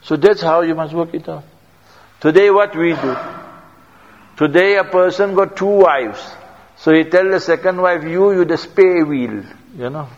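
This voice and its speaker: High-voiced South African man preaching in a hall. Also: measured pace. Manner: anecdotal, repetitive, non-standard grammar. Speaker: Islamic preacher. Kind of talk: sermon with storytelling. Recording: reverberant hall, dull lo-fi sound.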